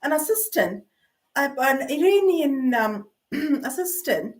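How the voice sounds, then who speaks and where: A woman's voice: sits high, big pitch swings, slow. A middle-aged woman telling rambling, self-mocking personal stories with many fillers and asides. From Canada. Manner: meandering, self-mocking, with frequent fillers and laughs. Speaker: vlogger.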